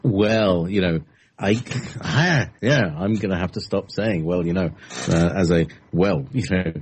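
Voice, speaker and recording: A man's voice: sits low, a little slow, slight background noise. A man co-hosting a talk show, talking in a meandering, hesitant way with plenty of fillers. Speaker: co-host. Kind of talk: casual chat.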